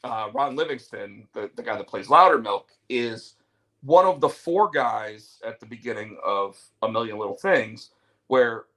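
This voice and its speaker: The host of a laid-back talk show speaks at a measured pace with lively intonation, his mid-range voice fairly bright. Storytelling is his thing, though he rambles, restarts often, and piles on fillers, all over a rough-sounding recording.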